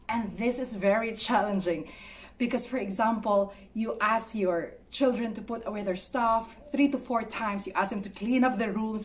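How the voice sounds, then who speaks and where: Soft-spoken woman giving gentle advice. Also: mid-range voice. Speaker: mindfulness vlogger. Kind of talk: gentle instructional talk to camera.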